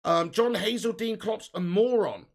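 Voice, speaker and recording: A man's voice: high-pitched, measured pace, creaky. A man hosting a live football watch-along, joking, laughing often and reading out viewer comments. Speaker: live stream host.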